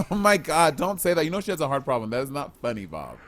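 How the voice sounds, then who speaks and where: Man, podcast co-host, bouncy expressive pitch, slightly high, casual and profane. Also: quick pace. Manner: animated, laughing, profane. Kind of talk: casual chat.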